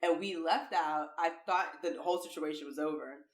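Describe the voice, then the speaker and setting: A woman co-hosting a podcast, telling a story in casual, profane, animated chat. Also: sits low, normal speed. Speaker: podcast co-host. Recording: echoey room.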